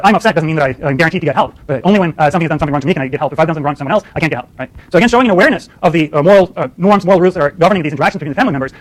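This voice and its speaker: A man lecturing at a rapid clip, his voice sitting a bit high. He often stops himself mid-thought and starts over, and he checks in with his listeners by asking "right?" again and again. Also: rough recording. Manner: lots of fillers and restarts, asks "right?" often. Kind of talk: university lecture.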